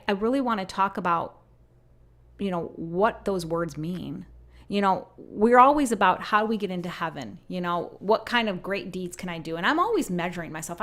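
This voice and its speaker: An earnest woman in her fifties sharing faith in a personal talk. She speaks at a middling pitch and turns slow and soft when she reads out her written passages. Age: 50s. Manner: earnest, slows down and softens when reading. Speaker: host sharing messages from prayer.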